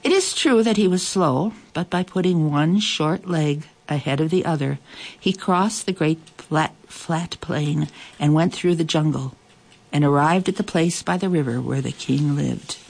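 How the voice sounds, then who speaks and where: A storyteller reading an animal fable aloud in a measured, expressive way. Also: medium pitch, gravelly.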